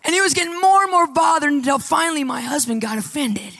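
A woman telling a personal story in an animated sermon style, acting out the people she quotes with raised, shouted lines. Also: sits high, fast talker. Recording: long hall reverb.

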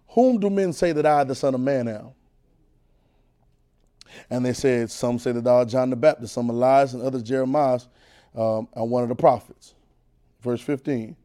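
A man's voice: mid-range voice, dark tone. A man preacher teaching a Bible class, repeating phrases and pulling call-and-response answers from the room.

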